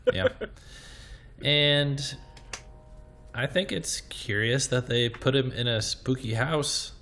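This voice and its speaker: A man's voice: medium pitch, takes it slowly, bright, forceful tone, faint music behind. A man co-hosting a podcast in casual chat, wry and musing. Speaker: podcast co-host.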